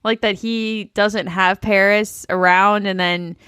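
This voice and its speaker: A woman's voice: mid-range voice, slow, clear, resonant tone, no room sound, clean studio sound. A woman co-hosting a podcast, chatting casually and acting out what the cast said. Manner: animated, acts out quotes of the cast. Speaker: podcast co-host. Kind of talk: casual chat recapping a reality show.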